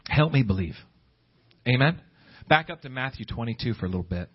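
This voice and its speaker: A man preaching a sermon, swinging between high pleading exclamations and low hushed asides. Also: expressive, a little fast, breathy edge. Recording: dull lo-fi recording.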